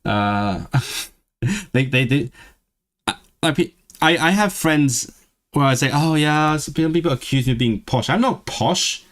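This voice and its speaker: Man, vague southern British accent, casual live-stream chat, mid pitch, stumbling restarts. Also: expressive, unhurried, long pauses, fairly bright tone. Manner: chatty, stumbling restarts, frequent laughs. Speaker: language-learning streamer. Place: lives in northwest England.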